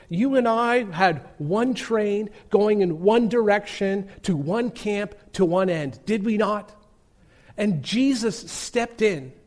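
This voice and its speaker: A man preaching a sermon, telling a story earnestly with emphatic pauses. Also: high-pitched.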